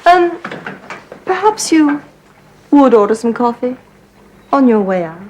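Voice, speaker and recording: A woman's voice: high voice, very animated, a little slow, darkish tone. A poised, coolly teasing lady in a 1970s period drama. A faint hiss sits under the old soundtrack.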